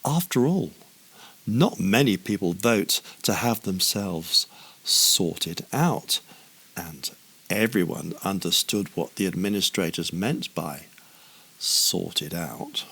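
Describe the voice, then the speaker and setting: A man's voice: low-pitched, animated, slow, creaky, sharp tone, husky. A man narrating a children's story with a playful, wry manner and humorous asides.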